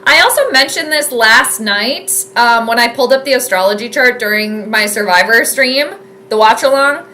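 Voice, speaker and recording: Woman, high voice, bright tone, chatty live game commentary, excitable and rambling. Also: a little hiss or hum. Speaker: sports streamer doing live game commentary.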